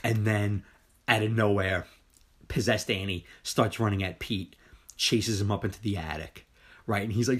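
Man, 40s, husky voice, excitable and swearing, casual film chat, animated retelling. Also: moderate pace. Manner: excitable, profane, acts out scenes in high voice. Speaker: podcast co-host. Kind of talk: casual movie review chat.

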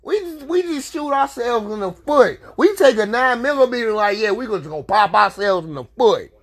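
A man in a heated fan rant, furious and swearing, his high voice leaping wildly between low mutters and shouts. He repeats himself over and over and sounds upset. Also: lively intonation, normal speed, creaky. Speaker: sports fan. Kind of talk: angry rant to camera.

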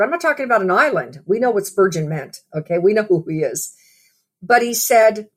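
A woman delivers a sermon in a relaxed, conversational way. She weaves personal stories into scripture and often adds "you know". Her voice sits at an ordinary middle pitch. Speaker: preacher.

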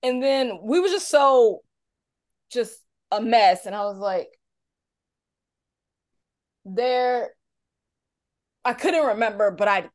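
A woman co-hosting a casual podcast, telling a rambling, animated story with frequent laughs. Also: mid-range voice. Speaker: podcast co-host.

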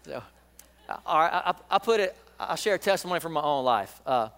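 A middle-aged male pastor preaches in a high, smooth, resonant voice. His delivery is folksy and full of jokes, and he calls the congregation to repeat lines after him. Long reverb from the church hall trails each phrase. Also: expressive, a little fast, a bit bright. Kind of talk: sermon.

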